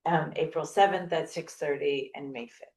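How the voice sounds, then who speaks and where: A woman's voice: deep voice, normal speed, a little mellow. A woman on a school board, adding announcements in an informal, on-the-fly way at a public meeting. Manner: informal, adds points on the fly. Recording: echoey meeting room.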